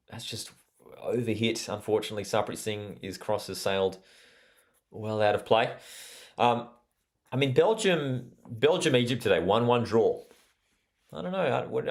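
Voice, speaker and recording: A young man with an Australian accent talks through a live football watch party in a relaxed, rambling way. His voice sits a little low, and he reads viewer messages aloud between remarks on the play. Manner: chatty, reads out live chat, frequent fillers. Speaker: watchalong host. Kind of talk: casual live commentary.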